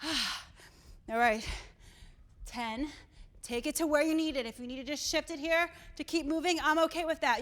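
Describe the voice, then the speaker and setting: A woman's voice: sits high, normal speed, pauses often, a bit bright. A woman coaching a workout while doing it herself, out of breath, encouraging and counting down the seconds. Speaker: fitness instructor.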